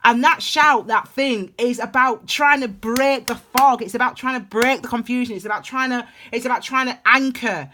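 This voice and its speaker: A woman's voice: a little high, moderate pace, hardly any pauses, background noise. A woman giving a casual tarot reading, rambling and emphatic with lots of restarts. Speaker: tarot reader.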